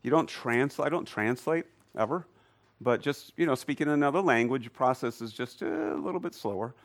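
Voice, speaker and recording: A man of medium pitch giving an animated Bible lesson to a live group. He keeps questioning the listeners and pushes his voice up when making a point. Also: normal speed. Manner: animated, quizzes the audience. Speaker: church teacher. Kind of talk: Bible teaching to a class. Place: room with a live audience.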